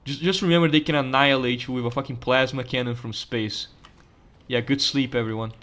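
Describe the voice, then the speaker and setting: A man's voice: mid-range voice, fairly even intonation, a little fast, fairly bright tone, a little hiss or hum. A young man giving casual gameplay commentary, rambling with crude jokes and frequent stammered restarts. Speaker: gaming channel host.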